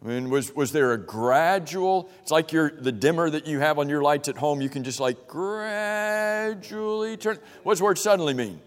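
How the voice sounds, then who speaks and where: A Bible study teacher runs an interactive class in a church meeting room with a projector, reading scripture and frequently pausing to question his listeners. His slightly high voice is expressive and brisk, with hardly any pauses, casual and full of restarts. Long reverb trails each phrase, and soft music plays in the background.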